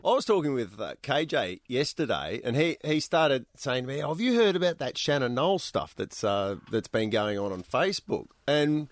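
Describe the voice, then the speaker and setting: A man's voice: medium pitch, very animated, normal speed, few pauses, no echo, clean studio sound. A man co-hosting a radio show, chatting loosely with laughs and many restarts. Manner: laughing, stumbles and restarts, mimics comment voices. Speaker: radio co-host. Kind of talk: casual banter.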